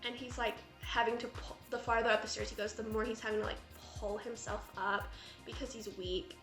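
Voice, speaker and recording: A woman gushes through a casual horror film review, chatty and full of fillers. Her voice is bright and a little high. The room echoes, and soft music plays underneath. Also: fairly even intonation, fairly quick. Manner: gushing, chatty, lots of fillers.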